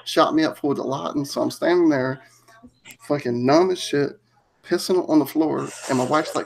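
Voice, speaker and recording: A man's voice: on the high side, moderate pace, gravelly, slight background noise. A man co-hosting a live stream, telling profane stories in a casual way and laughing through them. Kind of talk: crude casual storytelling.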